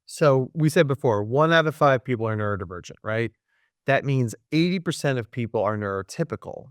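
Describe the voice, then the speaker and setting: A man, a clinical psychologist, talking in a podcast interview and acting out quoted people with big jumps in pitch. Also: expressive, a little fast, clean tone, dry recording, studio quality.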